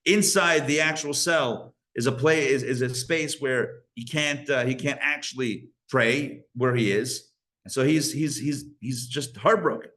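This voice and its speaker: A male rabbi tells a story during a live Torah class, conversational and animated, often restarting his sentences and using Yiddish and Hebrew religious terms. His voice is mid-range and a little slow.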